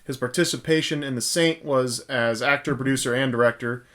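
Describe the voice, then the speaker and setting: A man's voice: mid-range voice, brisk, a bit bright. A man co-hosting a casual movie podcast, reading notes aloud and laughing often. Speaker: podcast co-host. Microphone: podcast mic.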